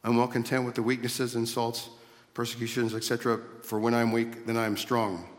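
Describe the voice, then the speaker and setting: A man's voice: medium pitch, flat delivery, a little fast. A man preaching a sermon, earnestly explaining scripture and grammar, often repeating and restarting his phrases. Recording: long reverb of a hall.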